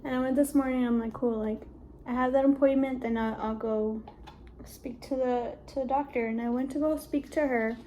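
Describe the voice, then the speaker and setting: A young woman speaks to her camera in a casual, halting way, her speech full of "like" as she works through something emotional. Her voice sits slightly high yet sounds warm and mellow. A faint room ambience hums underneath. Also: fairly even intonation, slight background noise. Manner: heavy use of "like", halting and emotional. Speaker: vlogger.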